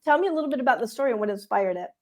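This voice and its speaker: A woman from the United States hosting a podcast interview, friendly and quick to poke fun at her own slip-ups. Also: a little high, animated, a little mellow. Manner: friendly, self-deprecating, laughs at own slips. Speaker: podcast host. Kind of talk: casual interview.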